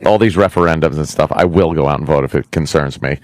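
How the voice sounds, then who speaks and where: A man's voice: rumbling low, fast, no room sound. A middle-aged man hosting a radio talk show, telling a rambling, profane story with many restarts.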